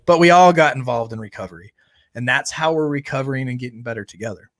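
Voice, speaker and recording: A man's voice: mid-range voice, fast. A man co-hosting a family recovery channel, chatting casually and often tagging his points with a questioning "right?". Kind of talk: casual chat.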